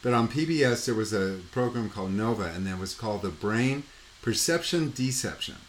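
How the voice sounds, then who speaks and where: A man with a lower voice talks fairly quickly, with a little hiss or hum in the recording. As a painting coach and podcast host, he tells a rambling, casual story stuffed with "you know" and "like," lively throughout and mimicking sounds and voices on his own.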